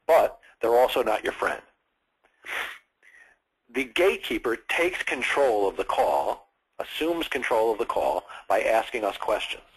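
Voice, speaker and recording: A man in his sixties, a sales trainer at a live seminar, lively and acting out firm phone calls as he teaches. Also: lowish voice, slightly rough, low-quality recording. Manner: energetic, acts out phone calls in firm and friendly tones.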